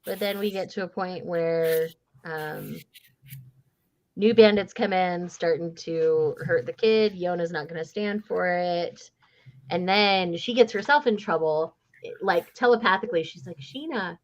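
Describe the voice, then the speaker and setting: A woman's voice: on the low side, unhurried. A woman hosting a casual book club chat, gushing and acting out characters' lines. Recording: muffled lo-fi audio.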